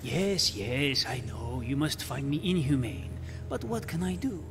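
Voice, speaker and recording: A man's voice: medium pitch, animated, unhurried, a crowd in the background. An actor playing a pompous, brusque male emperor giving orders in a story game. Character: blustering male emperor impression. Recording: game audio with music underneath.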